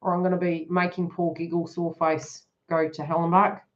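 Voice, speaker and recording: A woman's voice: lowish voice, little pitch movement, normal speed, lo-fi sound, noisy background. A woman giving a live card reading to her viewers, talking frankly and joking as she goes. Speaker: tarot reader.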